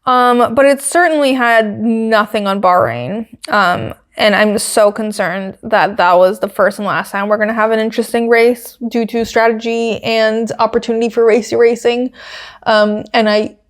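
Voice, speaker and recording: A woman's voice: a little high, normal speed. A young woman hosting a podcast, recapping a race in casual chat with lots of fillers and asides. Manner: chatty, frequent fillers and asides. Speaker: podcast host.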